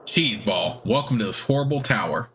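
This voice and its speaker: A man's voice: lowish voice, lively intonation, brisk, fairly bright tone, slight background noise. Grumpy old cat familiar, sullen, complaining, a man reading him out, video game dialogue. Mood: sulky.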